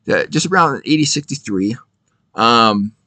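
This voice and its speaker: A man teaching in a casual video, his voice bright and forceful. His pitch rises and falls in a lively way as he drives points home with rhetorical questions. The sound is close and dry, with no room echo. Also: a little slow. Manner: emphatic, rhetorical questions, repeats himself. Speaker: Bible teacher.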